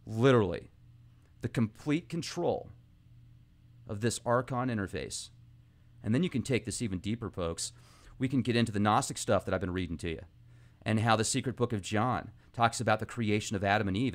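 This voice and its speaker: A man hosting an informal monologue, talking animatedly and excitably, speeding up and slowing down as he goes. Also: on the low side. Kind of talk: casual esoteric monologue.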